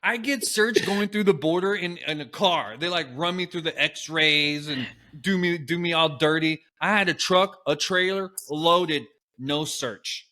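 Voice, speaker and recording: A man, co-hosting a podcast from his apartment and telling stories in an animated, casual way with offhand swearing. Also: on the high side, unhurried. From Texas. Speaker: podcast co-host. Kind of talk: casual storytelling chat. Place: apartment at home. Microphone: laptop call setup.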